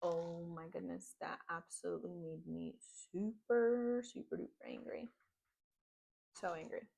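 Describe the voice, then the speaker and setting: A woman's voice: on the low side, steady tone, a little slow, creaky, dark tone. A woman telling a personal story in a casual, rambling way, with plenty of "like". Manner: casual, rambling, heavy use of "like". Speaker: podcast host.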